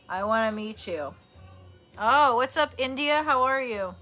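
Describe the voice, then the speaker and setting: A woman from New York with a bright, forward tone chats loosely on a livestream from her bedroom. She rambles from one thought to the next, answers comments as she goes and laughs often. Soft music sits faintly underneath. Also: a little high, animated, measured pace. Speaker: streamer. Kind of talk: casual livestream chat reading comments.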